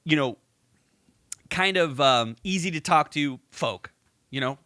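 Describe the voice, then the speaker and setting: A man's voice: on the high side, a little slow, dry recording, studio quality. A young man co-hosting a podcast, telling a story in casual chat, acting out every quote and swearing freely. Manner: animated storyteller, acts out quotes, swears a lot. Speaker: podcast co-host.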